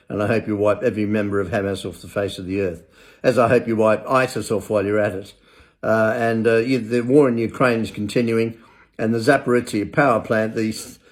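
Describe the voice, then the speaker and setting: An older man ranting in a monologue, blunt and sarcastic, swearing freely. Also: medium pitch. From England.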